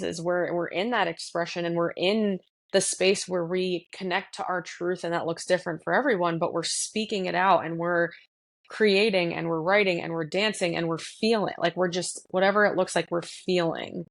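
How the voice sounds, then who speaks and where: A woman's voice: lowish voice, dry recording. A woman with a North Jersey accent, hosting a casual podcast chat in a reflective, searching way with many fillers. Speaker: podcast host.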